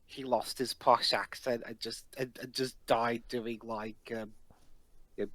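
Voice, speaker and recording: A man's voice: mid-range voice, completely flat delivery, unhurried, a bit bright, poor audio. A man chatting casually and a bit hesitantly during a group movie commentary. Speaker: commentary co-host.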